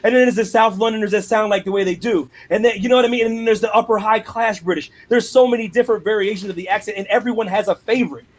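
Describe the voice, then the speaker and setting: A man's voice: high voice, fairly even intonation, quick pace, hardly any pauses. A male host in casual chat, slangy and enthusiastic, often repeating himself.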